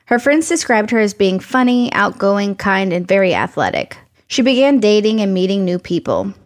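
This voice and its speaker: A woman's voice: medium pitch, big pitch swings, moderate pace. A young woman co-hosting a true crime podcast, chatting and then reading out the case in a plain, friendly way. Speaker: podcast co-host. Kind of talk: casual chat and case narration.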